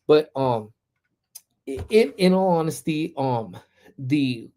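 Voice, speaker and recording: Mellow-voiced man rambling on a livestream. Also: fairly high pitch, expressive, slow. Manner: rambling, greets chat viewers by name; heavy "you know" fillers and restarts. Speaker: livestream host. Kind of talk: casual livestream chat.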